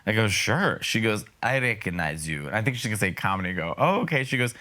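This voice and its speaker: A man, a comedian guest, telling animated stories in a casual studio chat and mimicking the people in them. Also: fairly low pitch, quick pace. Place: podcast studio.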